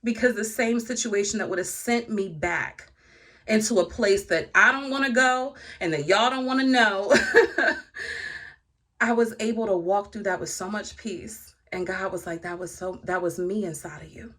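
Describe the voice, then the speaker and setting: A woman's voice: mid-range voice, a little slow, fairly bright tone. Woman preaching casually to her viewers. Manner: preachy, speaks straight to viewers, laughs often; lists virtues in rhythmic runs. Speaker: vlogger. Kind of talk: casual spiritual encouragement talk. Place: indoor room.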